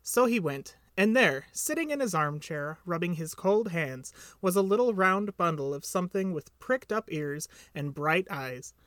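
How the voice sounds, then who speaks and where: A man reads a children's story aloud with a lively, lilting delivery and plenty of rise and fall in pitch. The sound is close and dry, with no room echo. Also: moderate pace, hardly any pauses. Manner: expressive, lilting. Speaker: reader. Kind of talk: storybook narration.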